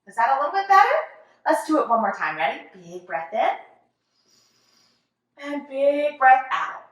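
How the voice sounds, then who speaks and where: A young woman guides children through yoga with a cheerful, encouraging, sing-song delivery. Her high voice leaps all over as she talks. She is heard from some distance in a very echoey room. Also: wildly swooping pitch, fast talker, fairly bright tone. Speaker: kids yoga teacher. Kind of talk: children's yoga class instruction.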